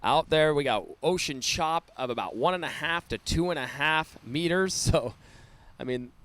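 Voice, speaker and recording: A man's voice: on the high side, animated, normal speed, a bit bright. A man calling a live surf contest play-by-play, enthusiastic and often laughing. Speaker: surf commentator. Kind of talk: live sports commentary.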